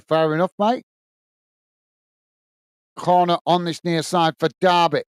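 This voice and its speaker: Man, Lancashire accent, live football commentary, reads chat aloud, slightly high voice, smooth and dry. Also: level tone, takes it slowly, dry recording. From England. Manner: running play-by-play, reading viewer comments aloud, calls people mate. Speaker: host of a football watch-along.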